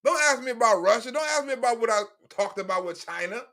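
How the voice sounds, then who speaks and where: A man's voice: very high voice, animated, fast, sharp tone, exaggerated voice. A man putting on a cranky old male president who rambles, curses and stammers through restarts. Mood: irritable.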